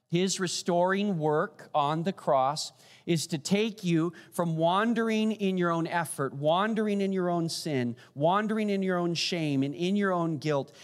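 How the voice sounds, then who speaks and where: A man preaching a communion sermon as pastor, earnest, swinging from raised declarations to hushed pleading questions. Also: high voice. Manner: earnest preaching, rising then dropping to hushed pleas. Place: church sanctuary. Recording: long hall reverb.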